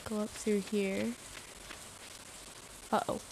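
A woman's voice: on the high side, measured pace, creaky, long pauses, noisy background. Giggly woman streaming a game. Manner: chatty, giggly, reacting aloud to the game. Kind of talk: casual gameplay streaming.

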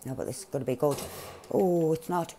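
A woman giving loud, excitable, swearing commentary over her gameplay, laughing often. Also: low voice, fairly quick, a little hiss or hum. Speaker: gaming streamer.

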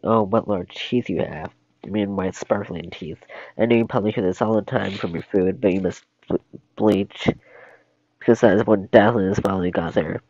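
A rambling, jittery talking donkey, read out by a man in his own low voice. The sound is dull and lo-fi, with the dry, close feel of a stream mic. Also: normal speed, a little mellow, no room sound. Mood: flattering. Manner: rambling, jittery, motor-mouthed. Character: chatty nervous talking male donkey. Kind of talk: solo script reading on stream.

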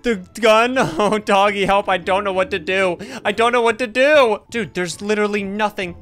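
A man giving excited Let's Play commentary, yelping and laughing as he talks to his viewers. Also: high-pitched, moderate pace. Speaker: gaming YouTuber.

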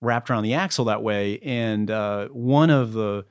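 A man speaking as a podcast guest, wordy and halting, with frequent fillers and restarts. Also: on the low side, smooth. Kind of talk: conversational interview.

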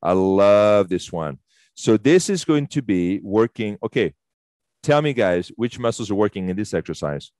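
Low-voiced male fitness instructor, dry close sound, chatty, enthusiastic, casual swearing. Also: big pitch swings, moderate pace, a little mellow, no echo. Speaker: fitness instructor leading a workshop. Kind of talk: casual live workshop instruction. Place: fitness studio.

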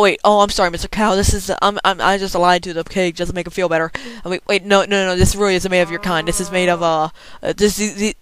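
A man's voice: high voice, a bit bright, slight background noise. Goofy rambling let's-play guy. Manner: rambling, joking chatter to the game's animals; frequent restarts and stumbles. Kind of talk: casual gameplay commentary.

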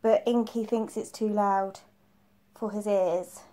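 Woman, preschool phonics teacher, unhurried, patient, mellow tone, clear repeated letter sounds. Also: medium pitch, steady tone. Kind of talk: phonics lesson for young children.

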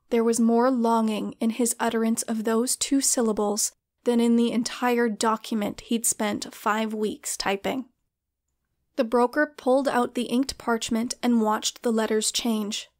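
A woman's voice: a little high, flat delivery, unhurried. Woman narrating a short story. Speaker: audiobook narrator.

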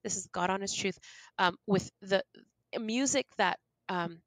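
A woman's voice: mid-range voice, measured pace, dry recording, low-quality recording. A woman in her forties, a guest in an interview, talking candidly and passionately with many restarts. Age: 40s. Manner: passionate, animated, lots of restarts and laughs.

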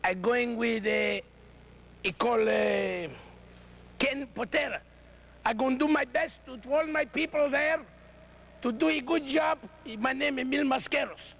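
Guy putting on a mocking wrestler voice, super high and gravelly, broken english. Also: steady tone, measured pace, fairly bright tone, full character voice.

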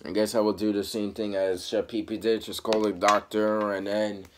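A young man with a fairly low voice rambles casually as the host of a reaction video. His talk is plain and unpolished, with restarts between thoughts. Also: flat delivery, normal speed, slight background noise.

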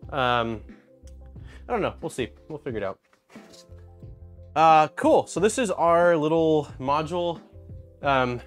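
A man hosting a casual live-stream unboxing, thinking aloud and greeting viewers in chat. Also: on the high side. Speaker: streamer host.

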